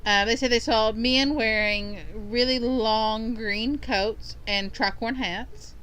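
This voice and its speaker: A woman's voice: on the high side, steady tone, slow, a bit bright, slight background noise, low-quality recording. A woman from Kentucky, co-hosting a podcast and recounting a story in a rambling, casual way with frequent ums. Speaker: podcast co-host.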